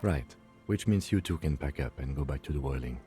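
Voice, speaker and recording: An actor playing a calm, skeptical male police lieutenant in a video game, speaking in a measured, dry way. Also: a bass voice, over music.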